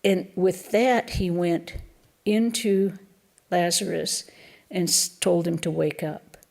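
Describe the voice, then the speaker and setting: A woman, a nun, giving a reflective Easter lecture in a temple, pausing often and restarting her phrases. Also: lowish voice, fairly even intonation, vocal fry, darkish tone. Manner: slow and reflective, with pauses and restarts.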